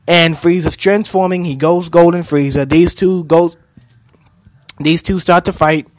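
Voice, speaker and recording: A young man retells an anime plot in a loose, casual way, and his voice sits a little high for a man. He stumbles through restarts and fillers as he goes. The sound is close and dry. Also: steady tone, unhurried, no room sound. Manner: hesitant, many fillers and restarts. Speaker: anime reviewer.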